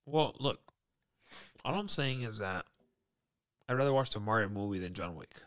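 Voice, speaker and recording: A man's voice: on the low side, animated, normal speed, fairly bright tone, clean tone. A man in casual banter with a friend, teasing him and acting out both sides of an argument over texts. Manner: teasing, acts out both sides of a text exchange.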